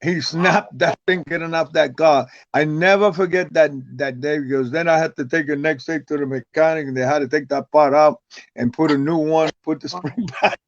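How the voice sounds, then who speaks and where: An older man tells a story as a guest, rambling along and tripping over repeated words. His voice sits a little high. The recording is dull and lo-fi with a very dry sound. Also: fairly even intonation, normal speed, no room sound. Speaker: guest, retired wrestler. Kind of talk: casual storytelling interview.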